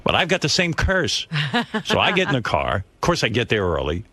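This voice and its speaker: A man's voice: medium pitch, wildly swooping pitch, fairly quick, background noise. A man hosting a radio show and telling a rambling, self-mocking story in casual chat.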